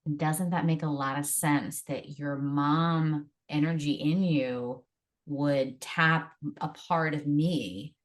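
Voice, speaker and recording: Woman podcast host, low voice, slow and thoughtful. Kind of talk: interview conversation.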